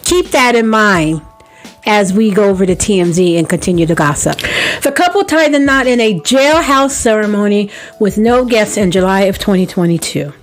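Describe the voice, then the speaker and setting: A woman's voice: medium pitch, expressive, normal speed, soft background music. A woman hosting a celebrity gossip vlog, sassy and playful, talking straight to her viewers.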